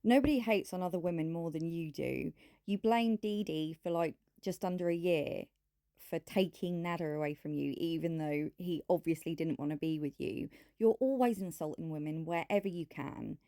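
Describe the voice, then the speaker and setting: A woman's voice: fairly low pitch, normal speed, mellow, no echo. A woman hosting a commentary channel, talking over clips in a dry, scornful way.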